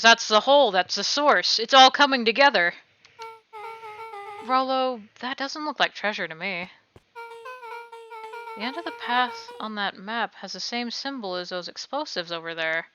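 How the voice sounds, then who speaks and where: Woman streamer, animated and jokey, who reads game dialogue aloud with a bright voice over faint music. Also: a little high, clean tone. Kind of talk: livestreamed game playthrough, reading dialogue aloud. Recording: slightly dull stream audio.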